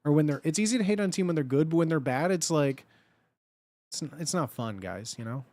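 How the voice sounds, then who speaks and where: A man's voice: a little high, expressive, a little fast, darkish tone. A man in his thirties chatting casually on a livestream, blunt and profane, and laughing often.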